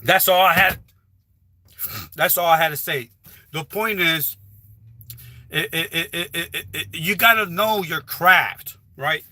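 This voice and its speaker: Man, high and bright-toned, rambling casual livestream advice, dry close phone sound. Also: measured pace, long pauses, no echo. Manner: rambling, repetitive, with frequent restarts. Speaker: livestreaming YouTuber. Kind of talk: casual live stream advice talk. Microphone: phone held while livestreaming.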